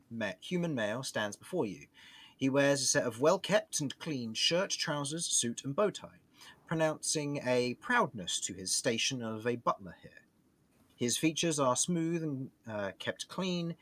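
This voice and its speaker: A man narrating a tabletop game as game master, lively and laughing often. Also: mid-range voice. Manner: lively, laughs often while describing scenes.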